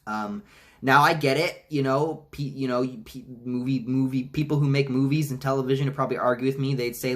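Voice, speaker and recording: Dude ranting casually about a movie trailer, lots of restarts, swears a bit. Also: male voice, fairly even intonation, brisk, fairly bright tone. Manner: rambling, frequent restarts and profanity; mocks quoted lines in high voices. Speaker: movie reviewer. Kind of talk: casual trailer reaction vlog.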